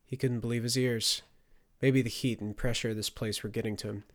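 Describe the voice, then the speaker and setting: A man narrating a fantasy audiobook with a steady, even storytelling delivery. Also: mid-range voice, a little fast. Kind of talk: scripted narration.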